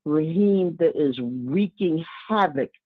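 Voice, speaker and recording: A woman's voice: sits low, lively intonation, takes it slowly. Woman caller on a tinny phone line. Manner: heartfelt, with warm asides and repeated words. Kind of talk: casual call-in talk.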